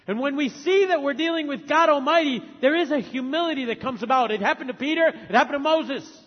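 A man in his forties preaching a sermon as a missionary, emphatic, swinging from loud urging to soft, tender asides. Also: extremely high pitch, fairly quick, hardly any pauses. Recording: long hall reverb, dull lo-fi sound.

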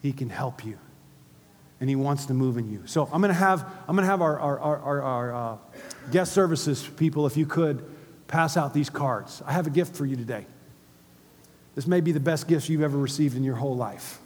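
A man preaching a sermon in a church, animated and emphatic, often putting questions to the congregation. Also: mid-range voice, moderate pace. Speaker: pastor. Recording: long hall reverb.

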